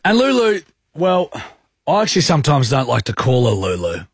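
A man with an Australian accent hosting a radio show, trading dry, teasing banter and deadpan roasts. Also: mid-range voice, moderate pace, husky, no echo. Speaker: radio host.

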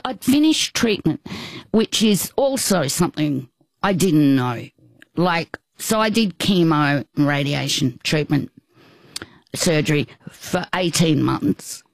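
An older Australian woman telling a personal story in conversation, halting, with frequent restarts and asides. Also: deep voice, lively intonation, gravelly, no echo. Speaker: guest.

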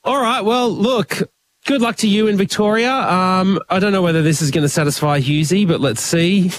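A man with an Australian accent co-hosting a show, chatting casually in an animated, joking way. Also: high-pitched. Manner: animated, joking, quick laughs. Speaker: radio co-host. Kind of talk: casual banter.

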